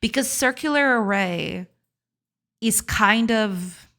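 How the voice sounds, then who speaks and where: A woman's voice: fairly high pitch, slow, fairly bright tone. A woman game developer, heard through a voice changer, thinking aloud and explaining code step by step in a casual, giggly live-stream chat.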